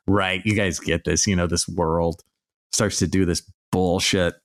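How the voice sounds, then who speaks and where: A man's voice: low-pitched, flat delivery, unhurried. A man hosting a podcast, delivering an exasperated, sarcastic solo rant with plenty of swearing. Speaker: podcast host.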